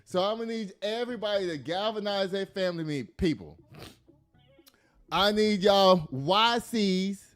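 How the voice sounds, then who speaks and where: A man's voice: high voice, measured pace, a bit bright. A man giving blunt, profane, emphatic political commentary to his audience, laughing at his own jokes. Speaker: commentary host.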